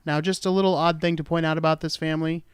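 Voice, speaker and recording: A man's voice: on the high side, little pitch movement, fast, smooth, dry recording. A man hosting a true-crime talk show, telling the story in a rambling, jokey way and correcting himself as he goes. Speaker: podcast host. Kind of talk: casual true-crime chat.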